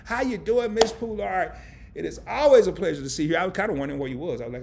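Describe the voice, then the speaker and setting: A man's voice: high-pitched, fast talker, creaky, noisy background. A middle-aged man from a small town in Arkansas, hosting a live stream and chatting casually in a joking, rambling way. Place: indoors under camera lights.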